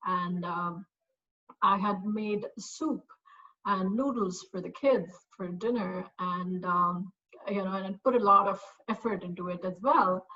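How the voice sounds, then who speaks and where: A woman's voice: mid-range voice, pushed and bright, muffled recording. A middle-aged woman, a parent, giving a casual, reflective personal testimonial with many fillers. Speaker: parent and course graduate.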